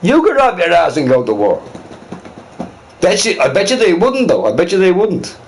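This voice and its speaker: A man's voice: sits high, wildly swooping pitch, normal speed, noisy background. A man hosting a casual livestream, talking heatedly to his chat and repeating his points. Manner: talks to chat viewers directly; heated, scornful. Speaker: livestream host.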